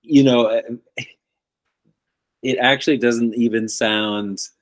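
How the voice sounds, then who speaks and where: A man's voice: medium pitch, fairly even intonation, takes it slowly. A middle-aged American man with a light Boston-New York accent, a guest in a casual interview, dry and self-deprecating, laughing often. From American East Coast, north of Boston.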